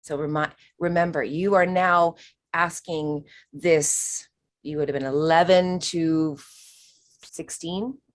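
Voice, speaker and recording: A woman's voice: low voice, steady tone, slow. A woman giving a spiritual healing reading on a live stream, talking frankly and emphatically, swearing now and then and calling the listener honey.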